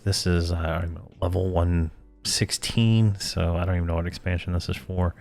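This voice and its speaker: A man's voice: low voice, steady tone, normal speed, a little mellow, soft background music. A man hosting a casual gameplay guide, talking in a rambling, self-correcting way with frequent chuckles while losing his voice. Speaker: gaming channel host.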